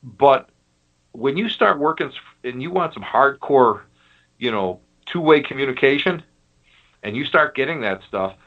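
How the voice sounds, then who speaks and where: Guest man, lively emphatic storyteller, muffled lo-fi line. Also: medium pitch, normal speed. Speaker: guest, paranormal investigator. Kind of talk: casual chat.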